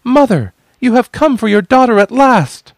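A man voicing a winged young woman who speaks boldly and defiantly, in a high, strained voice. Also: animated, unhurried, no room sound, natural voice. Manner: bold, commanding, pleading.

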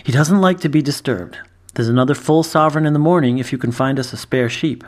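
A man voicing a young squire with a brisk, deadpan delivery. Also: mid-range voice, lightly acted. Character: young male squire, dry and sly.

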